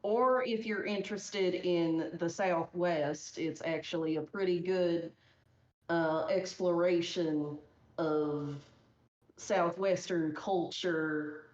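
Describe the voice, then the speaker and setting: Slow, low-voiced woman speedrunner. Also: steady tone, a little mellow. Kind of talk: casual commentary over a game run. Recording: dull echoey recording.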